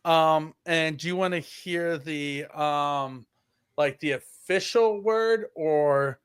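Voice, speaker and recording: This man's voice is a little high, slow, and smooth, captured at studio quality with no room sound. He's co-hosting a casual sports podcast, drifting in a rambling way full of fillers, restarts, and self-corrections.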